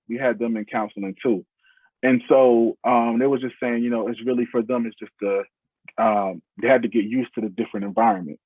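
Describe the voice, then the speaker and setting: A man's voice: mid-range voice, dry recording. A man as a podcast guest, telling personal stories in an earnest, heartfelt way with loose, restarting phrases. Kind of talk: casual interview storytelling. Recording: thin phone-like sound.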